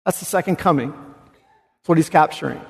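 A man preaching an expository sermon, animated, swinging from hushed tones to exclamation. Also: on the high side, normal speed, creaky, breathy edge. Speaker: pastor. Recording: reverberant hall.

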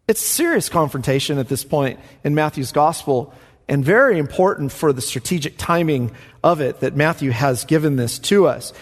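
A man's voice: fairly high pitch, animated, normal speed. A man preaching a sermon as pastor in a church, talking to the congregation in a conversational way and rising into emphatic bursts. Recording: echoey hall with long reverb.

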